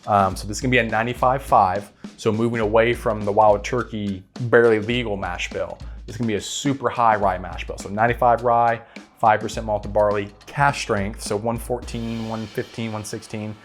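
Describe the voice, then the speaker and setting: Faint guitar music plays behind a whiskey channel host with a fairly low voice who talks fairly quickly. In a relaxed way, he gives casual bottle picks to camera, repeating words and frequently asking "right?".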